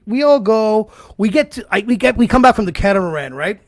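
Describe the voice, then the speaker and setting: High-pitched gravelly man telling a story. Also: sing-song, a little fast, no room sound. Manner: profane, laughing storyteller. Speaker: podcast co-host. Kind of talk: casual podcast chat.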